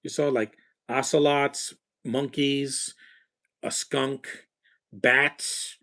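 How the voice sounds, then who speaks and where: A man's voice: mid-range voice, steady tone, very slow, a bit bright. Man rambling through a live movie commentary. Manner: rambling, off-the-cuff remarks with frequent restarts. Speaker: film commentator.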